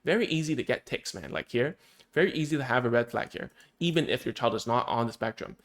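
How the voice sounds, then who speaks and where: A man's voice: mid-range voice, expressive, quick pace. A man, a speech therapist, explaining in a casual, conversational way, thinking aloud and often checking in with "right?" and "okay?".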